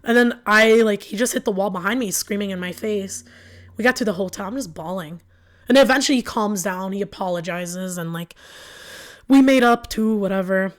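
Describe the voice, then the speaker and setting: A woman's voice: mid-range voice, a little fast. Woman telling a personal story. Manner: casual, filler-heavy speech with many "like"s; emotional retelling that acts out both sides of arguments. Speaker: podcast guest.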